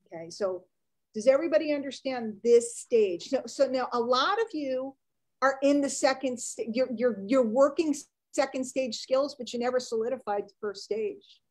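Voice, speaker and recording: A woman business coach, giving a chatty, animated live online training. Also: a little high, normal speed, poor audio.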